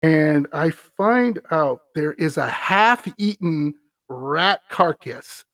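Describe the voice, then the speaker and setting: Man, podcast host, gravelly voice, slightly high, reads a creepy story, wry asides, dry close sound. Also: animated, slow pace, fairly bright tone, dry recording. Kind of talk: reading a scary story aloud with commentary.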